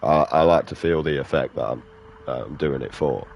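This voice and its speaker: Male streamer, extremely low voice, profane drawling banter, faint hiss behind. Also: moderate pace, creaky, darkish tone. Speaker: gaming streamer. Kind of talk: casual commentary while playing.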